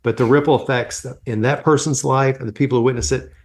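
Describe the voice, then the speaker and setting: A man's voice: medium pitch, quick pace. A middle-aged man, a guest on an interview show, casually telling stories and acting out the conversations he recalls. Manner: animated storyteller, acts out quoted exchanges.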